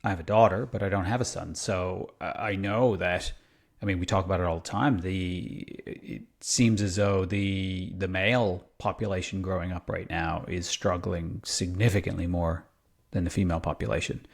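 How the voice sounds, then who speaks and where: A man with a low voice chats on a podcast in an easy, unscripted way. He wanders through his thoughts, restarting sentences and leaning on fillers while he looks for words. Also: fairly even intonation, normal speed, gravelly. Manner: rambling, searching for words, many fillers. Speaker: podcast co-host. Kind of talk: casual podcast chat.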